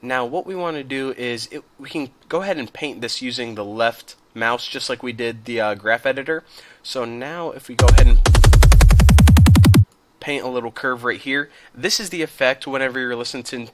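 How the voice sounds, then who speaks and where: Chatty man hosting a software tutorial. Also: mid-range voice, a little fast, hardly any pauses, soft background music. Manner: relaxed, chatty, addresses viewers as guys. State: coughing, clearing his throat. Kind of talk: casual screen-recorded tutorial.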